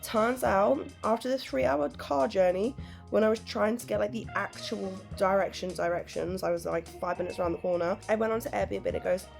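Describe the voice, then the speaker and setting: A young woman chatting candidly to camera in a travel vlog, hoarse from a cold and self-mocking. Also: medium pitch, brisk, a little mellow, soft background music. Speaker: travel vlogger. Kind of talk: casual vlog chat to camera.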